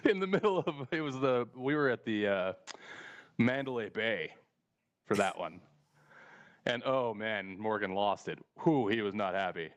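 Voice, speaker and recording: A man's voice: on the low side, animated, measured pace, pauses often, dull audio. A man hosting a podcast and telling a long story in casual chat, rambling and laughing often as he goes. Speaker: podcast host.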